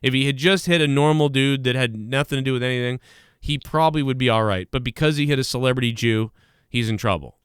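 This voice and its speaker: A man's voice: mid-range voice, fast talker, clean tone, no room sound, studio quality. A man hosting a live talk show, ranting crudely and mimicking voices as he tells stories. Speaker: podcast host. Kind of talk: casual talk show banter.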